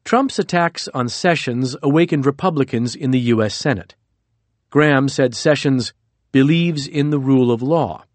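Man, audiobook narration, measured reading, mid pitch, dry studio sound. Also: no echo. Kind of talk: scripted narration.

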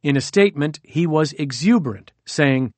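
A man narrating a nonfiction audiobook in a measured, steady reading. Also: on the high side, no echo.

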